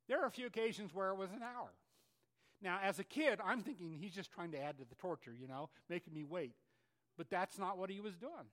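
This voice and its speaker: Older male pastor, high and conversational. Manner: conversational, animated, many restarts and asides. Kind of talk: sermon.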